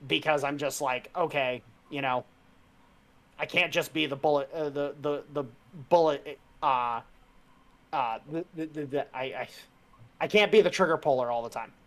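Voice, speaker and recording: A man's voice: fairly high pitch, moderate pace. A man co-hosting a casual podcast, talking in a heated, rambling and profane way. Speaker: podcast co-host.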